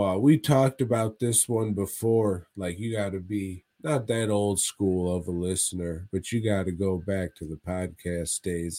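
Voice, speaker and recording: Slow-talking, profane man on a podcast. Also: low voice, a little mellow. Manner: profane, laughing, rambling. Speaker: podcast co-host. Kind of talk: casual podcast chat.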